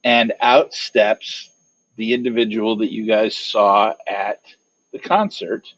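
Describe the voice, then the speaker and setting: Brief: male game master, slow and halting, describing scenes, dull dry lo-fi recording. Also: fairly low pitch, flat delivery, a bit bright, no echo. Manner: hesitant, many fillers and restarts. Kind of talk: narrating a tabletop game.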